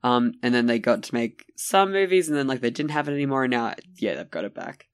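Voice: mid-range voice, animated, quick pace, smooth, no echo, clean studio sound. A podcast co-host chatting casually, joking, laughing often and swearing. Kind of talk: casual chat.

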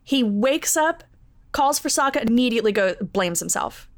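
A woman's voice: a little high, animated, moderate pace, no echo. A woman co-hosting a podcast, chatting casually and animatedly with lots of fillers and laughter. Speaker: podcast co-host watching a show for the first time. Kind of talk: casual chat.

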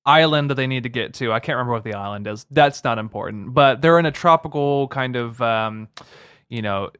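A man's voice: mid-range voice, brisk, fairly bright tone, smooth, no room sound, studio quality. Rambling man recapping a film plot. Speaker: podcast co-host. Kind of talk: casual movie-review chat.

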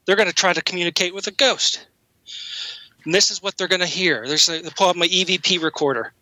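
A man's voice: sits high, quick pace, bright, forceful tone, dry recording, rough recording. A man co-hosting a podcast, rambling casually and acting out silly bits in voices. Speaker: podcast co-host. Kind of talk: casual comedic chat.

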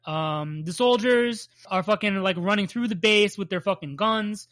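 A woman's voice: mid-range voice, normal speed, no room sound. A woman co-hosting a podcast, recapping a cartoon episode in casual chat, swearing often and laughing. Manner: swears a lot, animated and laughing. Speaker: podcast co-host.

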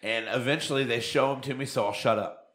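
A man in his thirties co-hosting a live show, in loud, profane, exasperated casual banter. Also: mid-range voice, fast talker. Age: 30s. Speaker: podcast co-host.

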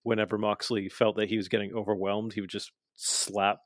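A man with a fairly low voice chats excitedly about wrestling. He tells the matches like a story and drops into the wrestlers' voices now and then. The sound is close and dry, with no room around it. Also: a little fast, no room sound. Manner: enthusiastic storytelling, acts out wrestlers' lines; frequent fillers and restarts. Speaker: wrestling show co-host. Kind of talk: casual recap chat.

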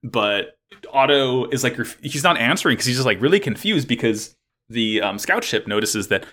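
A man's voice: mid-range voice, animated, moderate pace, pushed and bright. A man recapping a plot in casual chat, rambling with lots of fillers and swearing. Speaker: podcast co-host recapping an anime.

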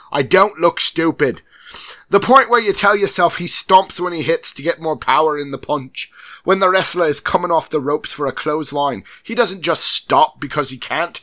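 A man putting on a loud cheery British fan. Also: a little high, pitched above the performer's own voice. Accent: put-on British, drifting toward Irish. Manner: loud, bouncy, theatrical read-aloud. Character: cheery British male wrestling fan reading his letter.

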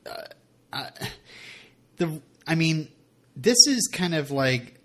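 Podcast co-host, male, chatty and rambling; lively pitch swings. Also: slow. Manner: rambling, animated, many fillers. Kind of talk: casual TV recap chat.

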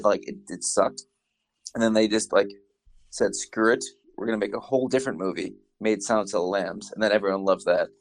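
A man chatting casually, telling animated stories with quoted asides. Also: on the low side, creaky. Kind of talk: casual chat.

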